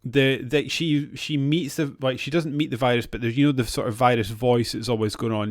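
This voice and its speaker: A man's voice: mid-range voice, moderate pace, few pauses, no room sound, clean studio sound. A man co-hosting a podcast in casual chat, hesitant, with frequent restarts and laughter. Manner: hesitant, restarts often, laughs between remarks. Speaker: podcast co-host.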